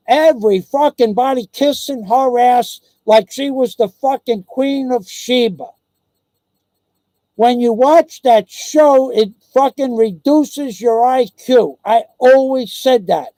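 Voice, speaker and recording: A man's voice: very high-pitched, expressive, slow pace, warm tone, no room sound. A man ranting angrily into his own video, swearing nonstop and mocking the people he is complaining about. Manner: furious, swearing constantly, mocking others. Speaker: vlogger. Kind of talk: angry profane rant.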